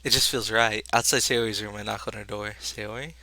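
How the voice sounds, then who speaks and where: A man's voice: lowish voice, level tone, brisk, pushed and bright. A man playing through a visual novel, reading the narration aloud and adding profane, joking commentary. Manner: profane, jokey, reads narration with rising emotion. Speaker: let's play host.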